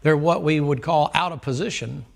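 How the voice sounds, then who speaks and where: Man preacher, gravelly, slightly raised pitch, folksy storyteller who quizzes his class. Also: moderate pace. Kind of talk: Sunday school sermon.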